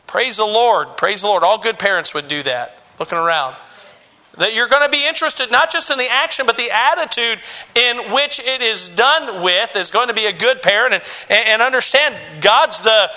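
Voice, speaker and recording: A man's voice: high-pitched, normal speed, bright, forceful tone. A male pastor preaching a sermon, emphatic and repetitive, often restarting and stammering as he makes his point.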